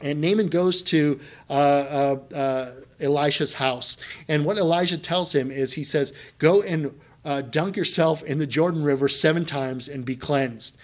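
Male pastor, sermon delivery, conversational retelling that builds to emphatic points, slightly high pitch. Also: measured pace. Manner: conversational storytelling, rising to emphatic preaching.

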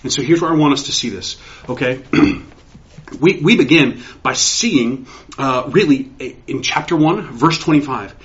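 A man preaching a sermon in an excitable way, often restarting and repeating words as he works through a passage. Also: mid-range voice, measured pace. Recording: dull lo-fi recording.

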